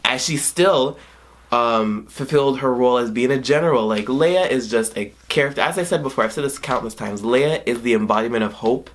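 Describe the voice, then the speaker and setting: A gushing young man in his twenties rambling through an excited movie review. He talks at a middling pitch, keeps restarting his sentences and hopping from one point to the next. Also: brisk, slight background noise. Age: 20s. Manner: emotional, near tears at times. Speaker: vlogger.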